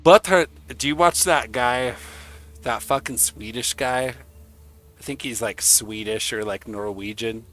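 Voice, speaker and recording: Slow, bright-voiced young streamer guy. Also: on the low side. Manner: rambling, crude, joking. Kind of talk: casual chat.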